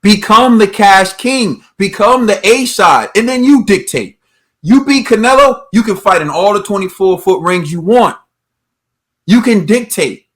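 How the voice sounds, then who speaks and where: A man's voice: sits high, expressive, unhurried, fairly bright tone. A man co-hosting a boxing talk show, ranting emphatically with repeated rhetorical questions. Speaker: boxing podcast co-host. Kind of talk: heated opinion rant.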